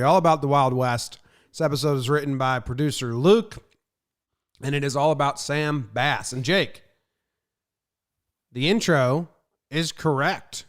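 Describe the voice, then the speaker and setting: A man's voice: medium pitch, unhurried, long pauses. A man co-hosting a comedy history podcast, chatting in a rambling, casual way. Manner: chatty, rambling, with fillers like "you know". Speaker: podcast co-host.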